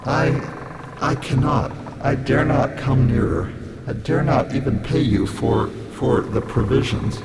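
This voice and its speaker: A man voicing a hungry, hopeless castaway who calls from the darkness in a hushed, halting, pleading way. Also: mid-range voice, gravelly, heavy background noise. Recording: echoey room with long reverb.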